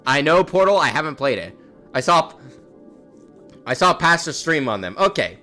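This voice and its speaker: A man's voice: fairly high pitch, big pitch swings, normal speed, pushed and bright, soft background music. A young man streaming a game in casual chat, rambling and restarting his words, with a slightly sore throat. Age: young adult.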